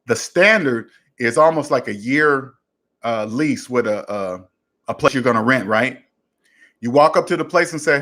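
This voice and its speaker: A man's voice: mid-range voice, moderate pace, sharp tone. A man hosting a personal finance livestream Q&A, talking casually with emphatic, repetitive catchphrases and answering viewers' questions. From United States.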